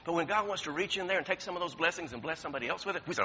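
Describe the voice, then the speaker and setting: A pastor preaching a sermon, swinging from quiet talk to shouting and repeating his words. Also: on the high side, expressive, rapid-fire. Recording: dull lo-fi recording.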